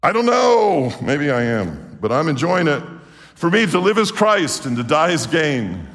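A male preacher giving a sermon, animated and fervent, swinging from hushed storytelling to exclamations. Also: a little high, measured pace. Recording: long hall reverb.

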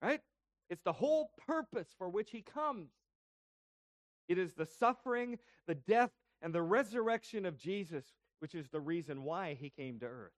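Guy preaching, kinda high voice, dry close sound, lots of "right?" questions. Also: sing-song, moderate pace, no echo. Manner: explanatory, asks rhetorical questions. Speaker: pastor. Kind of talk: sermon.

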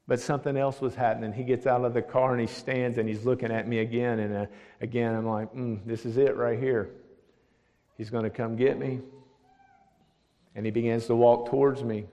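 A man, a pastor, telling a testimony story, dropping to a hush for the words of others. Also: medium pitch. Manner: drops to a hushed voice for quoted speech. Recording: long hall reverb.

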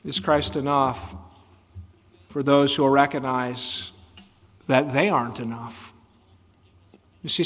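A male pastor with a fairly high voice delivers an emphatic sermon, pressing his listeners with rhetorical questions. His voice rings out with a long reverb, as in a church sanctuary. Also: a bit bright.

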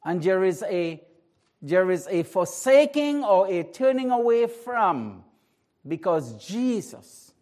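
A pastor preaching a sermon, moving between a hushed, slow prayer and emphatic, rising declarations. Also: male voice, high voice, big pitch swings.

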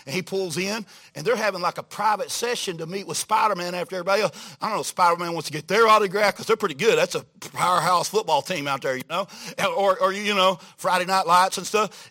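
A man preaching a storytelling sermon to a church congregation, folksy and animated, going from hushed quoted asides to loud exclamations. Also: high voice, a little fast.

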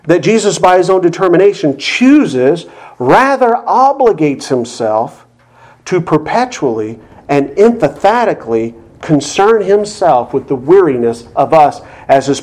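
A male pastor delivers an expository sermon to his congregation. He teaches earnestly and leans on emphatic repetition to drive each point home. His voice sits a little on the higher side for a man. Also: darkish tone.

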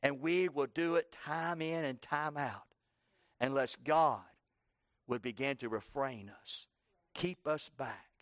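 A man preaching a sermon and praying aloud in church, moving from quiet pleading to loud impassioned cries and repeating phrases for emphasis. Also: mid-range voice, slow, no echo, studio quality. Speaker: pastor. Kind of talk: sermon with spoken prayer. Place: church service.

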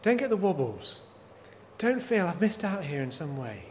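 Male preacher, sermon, rhetorical questions, slightly high voice, faint background noise. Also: big pitch swings, normal speed, a little mellow. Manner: poses repeated rhetorical questions. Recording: long hall reverb, faint noise.

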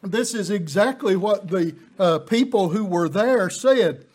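High-voiced, slow, impassioned male preacher. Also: lively intonation, a little mellow, breathy edge. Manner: impassioned, rising to emphatic peaks; folksy asides with filler words. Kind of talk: sermon.

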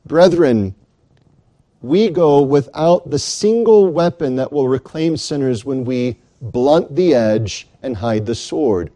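Guy preaching a sermon, slow and earnest, voice swings up and down a lot. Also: a little high, warm tone. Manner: earnest, rising to emphatic declarations.

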